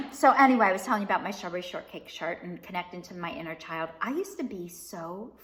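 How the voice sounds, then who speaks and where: A woman vlogging frankly about recovery in a casual chat, often stopping to clear a tickly throat. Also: lowish voice, animated, brisk, fairly bright tone. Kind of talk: personal recovery vlog, casual talk.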